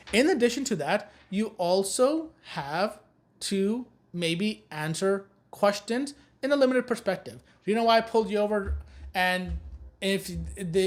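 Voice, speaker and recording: Woman, course instructor, blunt, emphatic, repeats warnings, plain everyday voice. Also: medium pitch. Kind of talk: recorded know-your-rights lesson.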